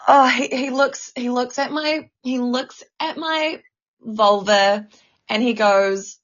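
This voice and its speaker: A woman's voice: fairly high pitch, lively intonation, slow pace, dull audio. A woman co-hosting a casual podcast, talking with feeling, stammering and swearing a lot. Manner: emotional, stammering, swears often. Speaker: podcast co-host.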